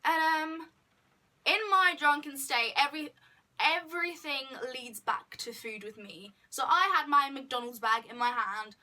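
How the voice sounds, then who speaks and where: A young woman telling a storytime vlog in a chatty, animated way, acting out what people said. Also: high voice, a little slow. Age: young adult. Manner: chatty, animated retelling with quoted asides. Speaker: vlogger. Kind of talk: casual storytime.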